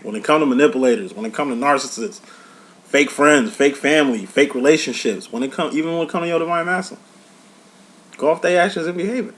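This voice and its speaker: A man's voice: fairly high pitch, quick pace, fairly bright tone. A man giving a casual tarot reading to his viewers, talking in a blunt, profane, preachy tough-love way. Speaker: tarot reader and life coach.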